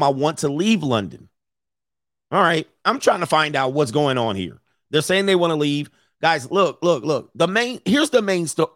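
A man hosting a live commentary, reading messages aloud and reacting to an audience in the room with blunt, profane, animated asides. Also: a little high, no room sound, studio quality. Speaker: commentary host.

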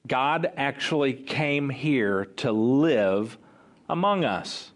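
A man preaching a sermon as pastor, talking conversationally and telling the story with lively acted-out quotes. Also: mid-range voice, slow pace.

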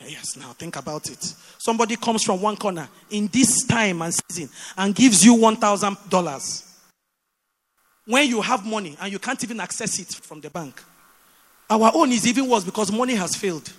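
A Nigerian woman preaching a sermon, animated and full of repeated rhetorical questions. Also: medium pitch, moderate pace, long reverb tail.

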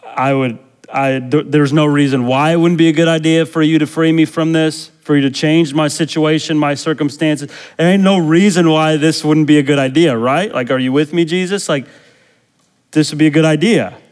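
A man's voice: medium pitch, a little slow, long pauses, close to an everyday voice. Brief: a pastor playing a jailed prophet, a grown man full of doubt who pleads casually and questions in plain everyday speech. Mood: coaxing.

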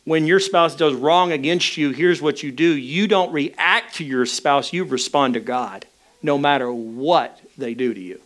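A man's voice: fairly high pitch, a little slow, fairly bright tone. Candid man preaching a sermon. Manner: candid, conversational storytelling. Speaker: pastor.

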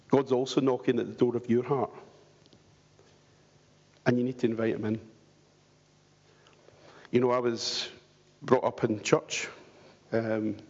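Here a pastor with a medium-pitched, darkish voice and a breathy edge delivers an earnest, pleading sermon, asking his listeners rhetorical questions. The church hall recording is dull and lo-fi, with long reverb.

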